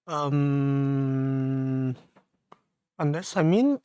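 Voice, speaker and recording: A man livestreaming while he programs, thinking aloud in a mumbling, halting way and questioning himself as he goes. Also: medium pitch, a little mellow, no echo.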